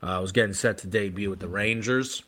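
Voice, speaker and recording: A man's voice: fairly low pitch, a little fast, a bit bright. A man hosting a sports talk radio show who asks incredulous, rhetorical questions.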